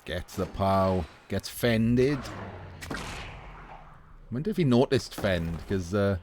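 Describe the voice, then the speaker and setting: A man giving casual live commentary on a video game match. He talks in a chatty way, laughs often, swears casually, and his voice is getting a little hoarse. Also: on the low side, lively intonation, takes it slowly, a little mellow, a little hiss or hum. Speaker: esports commentator.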